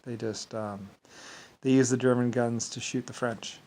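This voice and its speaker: Rambling man, halting and repetitive. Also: medium pitch, fairly even intonation, a little mellow, poor audio. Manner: rambling, repeats "basically", halting restarts. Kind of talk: rambling casual monologue.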